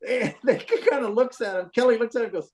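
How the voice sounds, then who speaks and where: A man's voice: very high-pitched, fast. An older man, a former baseball trainer, telling a story in casual talk over a phone call, acting out what people said and swearing freely. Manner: animated, swearing, acts out quotes.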